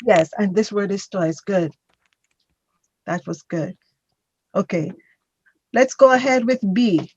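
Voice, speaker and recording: A woman's voice: medium pitch, animated, slow pace, pauses often, darkish tone, slightly rough, dry recording, dull audio. A woman teaching a grammar class, patiently correcting a student and drilling pronunciation. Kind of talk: online class instruction.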